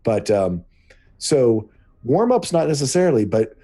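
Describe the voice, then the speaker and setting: Mellow-voiced game master giving tips. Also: male voice, mid-range voice, big pitch swings. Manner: thoughtful, halting with fillers. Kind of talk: casual tips discussion.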